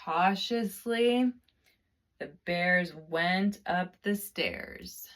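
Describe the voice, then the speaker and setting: A woman telling a children's storybook tale with expressive narration and dramatic, drawn-out repetitions. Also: on the low side.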